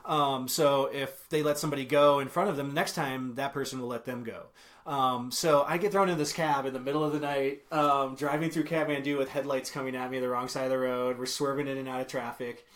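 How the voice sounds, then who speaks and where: A man's voice: medium pitch, steady tone, a little fast, a bit bright. A young man as a podcast guest, telling a travel story in a casual, rambling way, full of ums, self-corrections and small chuckles. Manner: chuckles while telling stories.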